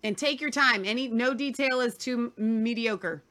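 Bright-voiced enthusiastic woman host. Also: on the high side, moderate pace. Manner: effusive, enthusiastic, with fillers. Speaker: show host. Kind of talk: faith talk show interview.

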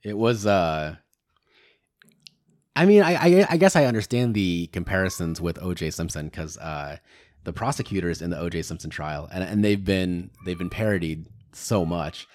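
Male podcast co-host, lower voice, rambling casual delivery. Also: moderate pace, a little mellow, no echo. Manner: hesitant, rambling with fillers and restarts.

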